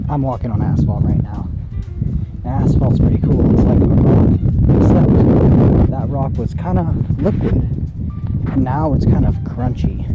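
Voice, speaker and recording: A man's voice: mid-range voice, a little slow, pauses often, phone-quality sound. A man walking outdoors and rambling through a silly, meandering improvised monologue as a special guest. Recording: loud music playing over the voice.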